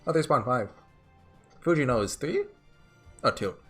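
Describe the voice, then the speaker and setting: Lively man chatting through a game. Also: mid-range voice, normal speed, faint music behind. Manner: chatty, thinking aloud. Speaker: gamer. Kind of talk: let's play commentary.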